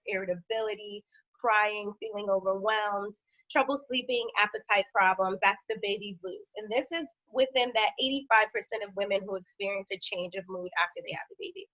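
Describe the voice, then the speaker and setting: A woman health professional giving an informal educational talk, with conversational fillers and steady lists of symptoms. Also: mid-range voice, normal speed. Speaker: health professional speaking on a panel. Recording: dull, lo-fi dry sound.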